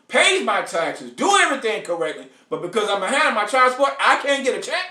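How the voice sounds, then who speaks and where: A man's voice: high-pitched, very animated, a little fast, few pauses, bright, forceful tone, roomy sound, recorded from a distance. A man hosting a live online show, ranting bluntly and profanely to his viewers and calling out to them by name. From United States. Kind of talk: ranting live stream monologue.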